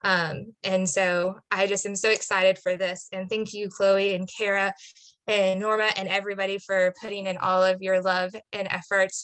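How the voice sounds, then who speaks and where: A woman's voice: medium pitch, monotone, moderate pace, fairly bright tone, clean tone, rough recording. A woman parent sharing a heartfelt personal testimony on a webinar video call. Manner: heartfelt, earnest. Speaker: parent participant.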